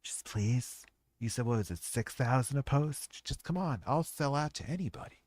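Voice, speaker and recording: A man's voice: medium pitch, lively intonation, normal speed, a little mellow, close to an everyday voice. A man putting on the voice of a greedy male sellout who begs for money and whines that he doesn't care about the harm he causes. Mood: mocking, pleading. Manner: whiny pleading mockery.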